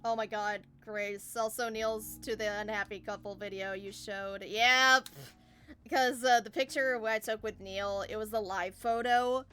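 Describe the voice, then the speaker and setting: Bright excitable woman host. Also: medium pitch, unhurried. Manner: excitable, gushing fangirl energy. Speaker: streamer host. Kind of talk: casual podcast chat.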